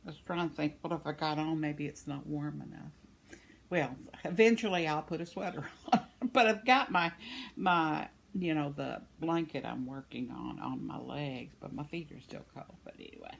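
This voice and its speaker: Reading viewer comments aloud in a casual chat, an older woman vlogger laughs a lot from inside her home. She speaks at a normal speed in a low, creaky voice, and there's slight background noise.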